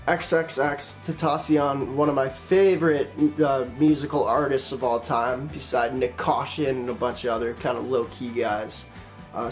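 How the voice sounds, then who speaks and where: A young man hosts a casual unboxing vlog in a slightly raised voice, talking fast and excitably and swearing freely. Faint music plays behind him. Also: a little high. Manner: excitable, swears, calls viewers "man" and "boys". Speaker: YouTuber.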